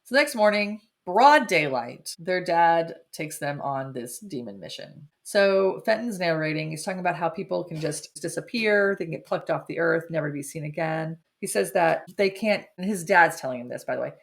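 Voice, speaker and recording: A woman's voice: low voice, expressive, moderate pace, gravelly, hardly any pauses. A woman co-hosting a podcast, recapping a film in a casual, chatty way and laughing often. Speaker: podcast co-host.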